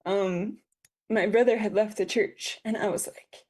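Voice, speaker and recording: A podcast guest in her twenties, close to tears, haltingly tells a personal story full of fillers and restarts. Her medium-pitched voice is husky, with a steady, darkish tone.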